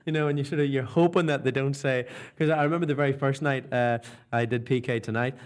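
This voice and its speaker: Young northern irish guy on a radio chat, rambling funny stories, ordinary pitch. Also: steady tone, fast. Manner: chatty storytelling, slipping into mimicked voices. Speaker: guest comedian. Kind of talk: anecdotal radio interview.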